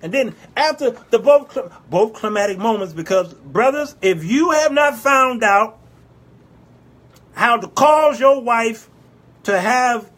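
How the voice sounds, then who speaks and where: A man hosting a casual live-stream advice show, animated and teasing, breaking into sudden loud outbursts and answering viewer comments aloud. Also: very high voice, slow. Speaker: talk show host.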